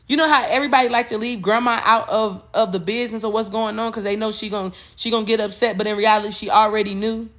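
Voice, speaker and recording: A woman hosting a podcast, talking casually and expressively with rambling asides and sudden loud bursts. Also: fairly high pitch, fairly quick. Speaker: podcast host. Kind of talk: casual spiritual talk.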